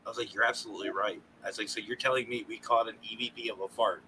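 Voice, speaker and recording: A man, a paranormal consultant guest, telling animated stories in casual podcast chat and laughing often. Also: on the low side, racing, slight background noise, rough recording.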